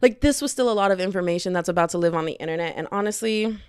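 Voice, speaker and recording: A young woman hosting a podcast in casual chat, gushing and animated, with lots of "like". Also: fairly low pitch, rapid-fire, clear, resonant tone, dry recording, studio quality. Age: young adult. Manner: gushing, animated, heavy filler "like". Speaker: podcast host. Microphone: headphones on, podcast mic.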